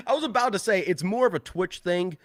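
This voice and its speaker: A man's voice: high voice, lively intonation, moderate pace, dry recording, clean studio sound. A man co-hosting a casual livestream chat, enthusiastic and giggling often. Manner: giggly, swooping laughs, enthusiastic. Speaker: co-host.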